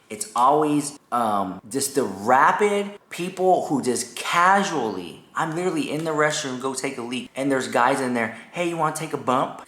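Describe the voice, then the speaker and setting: A young man rambling casually through a vlog about a nightclub incident, animated when retelling. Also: on the high side. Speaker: YouTuber. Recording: echoey room.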